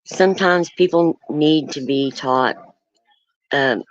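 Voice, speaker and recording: Halting livestream host with dull lo-fi sound. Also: medium pitch, no room sound. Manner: halting, many ums and restarts; earnest, firm about setting boundaries. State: nervous. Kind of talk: casual livestream talk. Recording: dull lo-fi stream audio.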